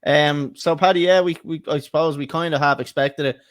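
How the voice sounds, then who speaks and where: A man's voice: a little high, steady tone, brisk, dry recording, clean studio sound. A man co-hosting a football podcast, chatty and laughing, swearing freely in casual banter. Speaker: podcast co-host. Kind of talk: casual chat.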